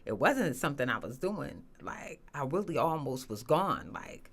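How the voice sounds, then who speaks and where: A woman telling her personal story as a guest, earnest and halting, with many restarts and fillers. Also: low-pitched, sing-song. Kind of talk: emotional personal testimony.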